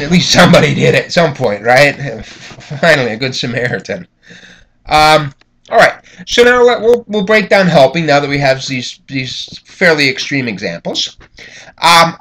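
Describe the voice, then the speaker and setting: Male lecturer, higher pitch, loose and chatty, lots of ums. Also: a bit bright. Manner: casual, conversational, frequent fillers and "okay?" check-ins. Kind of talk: recorded classroom lecture.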